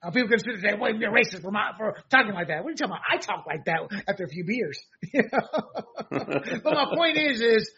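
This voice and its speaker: A man co-hosting a political talk show, animated and sarcastic, often laughing and acting out mocking quotes. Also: high voice, a little fast, lo-fi sound, slight background noise. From abroad, a country once under dictators. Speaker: co-host.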